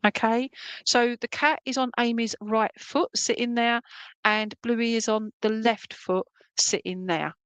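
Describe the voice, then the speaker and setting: A woman's voice: a little high, fairly even intonation, measured pace, a bit bright, clean tone, no echo, poor audio. A woman working as a spiritualist medium, giving a chatty, emotional reading at a church service and tagging her lines with "okay?". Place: church service, streamed online.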